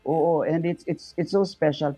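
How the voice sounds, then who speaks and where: A man's voice: a little high, fairly even intonation, normal speed, mellow, husky, faint music behind. A Filipino man, a stage actor, speaking earnestly and from the heart in an interview. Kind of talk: casual interview chat.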